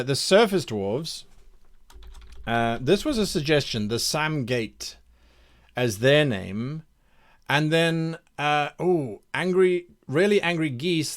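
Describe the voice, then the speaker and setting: Slow, musing man thinking aloud. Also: mid-range voice. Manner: thinks aloud, hesitant, repeats names to try them out. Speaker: game master streaming campaign design. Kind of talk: live-streamed worldbuilding, reading chat suggestions aloud.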